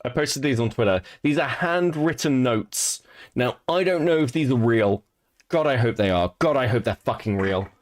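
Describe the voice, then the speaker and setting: A man's voice: mid-range voice, animated, normal speed. A man hosting casual commentary, blunt and sarcastic, swearing freely. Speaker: commentary host.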